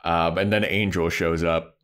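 A man's voice: sits low, fairly even intonation, measured pace, a bit bright. A man co-hosting a podcast, chatting casually about a TV episode, laughing often and acting out characters in silly voices. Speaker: podcast co-host. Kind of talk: casual chat recapping a TV episode.

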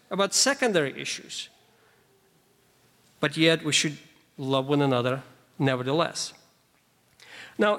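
A man's voice: fairly high pitch, a bit bright. A man preaching a sermon, explaining scripture verses emphatically with conversational asides to the congregation. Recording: long reverb of a large hall.

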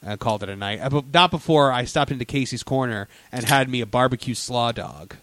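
A man's voice: medium pitch, fairly quick, fairly bright tone, no echo. Eager chatty man, dry close sound. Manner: enthusiastic storyteller, lots of fillers and restarts. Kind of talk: casual theme-park chat.

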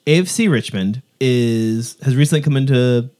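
A man's voice: mid-range voice, normal speed, dark tone, a little hiss or hum. A man co-hosting a casual podcast, making wry joking asides. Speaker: podcast co-host.

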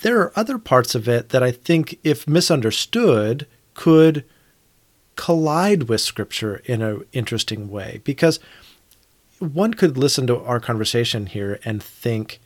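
This podcast co-host is a man in his thirties who thinks aloud earnestly, sometimes restarting his sentences in a reflective, conversational discussion. His mid-range voice is expressive and a little slow, with no echo.

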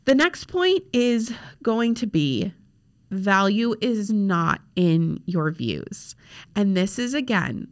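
A young woman coaching on social media hosts a podcast from a laptop at her home desk. She is chatty and candid, using many fillers, and speaks a little slowly in a medium-pitched voice with big pitch swings.

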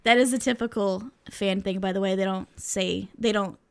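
Gravelly-voiced woman reading aloud. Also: medium pitch, fairly even intonation, normal speed, a little mellow. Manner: amused, breaks into laughter while reading. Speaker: podcast co-host reading fan fiction. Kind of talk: reading aloud with casual chat.

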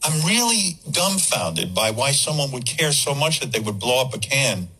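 A man's voice: medium pitch, very animated, moderate pace, bright, forceful tone, husky, low-quality recording. A man hosting a radio talk show, speaking bluntly and with disbelief. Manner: blunt, incredulous.

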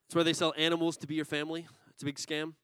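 A male pastor with a high, bright voice, preaching in a playful, teasing way and drawing the congregation into his story. The sound is close and dry, with no room echo. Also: little pitch movement, very fast, clean tone. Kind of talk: sermon with a comic story.

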